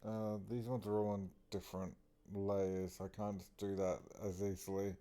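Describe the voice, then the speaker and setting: A man's voice: sits low, level tone, normal speed, mellow. A man streaming as he draws, tired and yawning, talking to himself in a casual muttering way. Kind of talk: casual talk while drawing.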